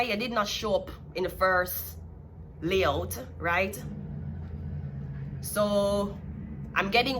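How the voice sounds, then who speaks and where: Jamaican woman, tarot reader, blunt and sassy, mid-pitched voice, faint background hum. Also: a bit bright. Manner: blunt, sassy, laughs at her own jabs. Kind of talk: casual tarot reading.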